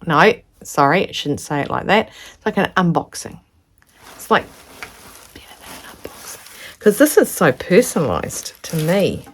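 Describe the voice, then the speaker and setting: A woman sewing vlogger talks casually to her viewers. Her voice sits a little low, and she gushes over what she shows, now and then dropping to a soft whisper. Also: animated, normal speed, slight background noise. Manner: gushing, chatty, drops into soft whispers. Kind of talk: casual unboxing chat to camera.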